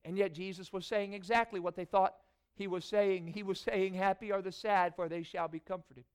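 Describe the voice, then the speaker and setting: High-voiced, smooth-toned man preaching a sermon. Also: steady tone, normal speed. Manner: builds from soft prayer to rising, preacherly emphasis. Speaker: pastor. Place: church sanctuary.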